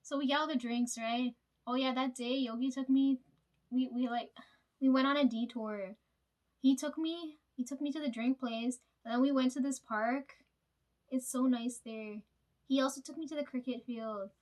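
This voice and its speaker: A woman in her late twenties chats her way through a long storytime, wandering off track and cursing freely. Her voice sits a touch high, and she talks in the loose, unscripted way of a vlogger catching up with viewers. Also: steady tone, moderate pace, a little mellow. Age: late 20s. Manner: rambling, sidetracked, swears freely. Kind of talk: casual storytime chat.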